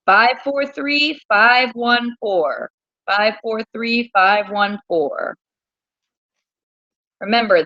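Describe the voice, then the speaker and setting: A woman teacher hosting a casual quiz livestream from her small home, chatty and repeating things slowly. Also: mid-range voice, bright, forceful tone, no room sound, dull audio.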